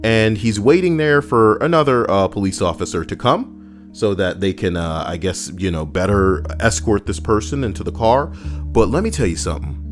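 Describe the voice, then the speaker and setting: Animated, profane ranting man. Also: fairly low pitch, moderate pace, soft background music. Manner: profane, indignant, mocking. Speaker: commentator. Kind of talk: ranting commentary on a video.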